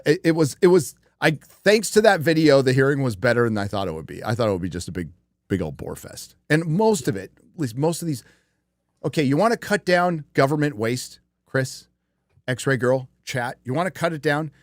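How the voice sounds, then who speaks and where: A man's voice: mid-range voice, very animated, normal speed, no room sound, studio quality. Rambling, profane male stream host. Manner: rambling and profane, with many fillers and restarts. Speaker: podcast host. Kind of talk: casual live-stream chat.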